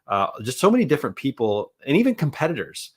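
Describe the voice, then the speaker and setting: A man's voice: medium pitch, huge pitch swings, fast, a little mellow, husky. A man hosting a podcast, chatting casually and joking with his guest. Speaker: podcast host. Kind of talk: casual interview chat.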